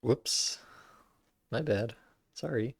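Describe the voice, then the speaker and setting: A man's voice: medium pitch, extremely slow, gravelly, breathy edge, no echo. A man streaming a game, giving wry, playful commentary to his chat as he explores. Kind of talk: casual gameplay commentary.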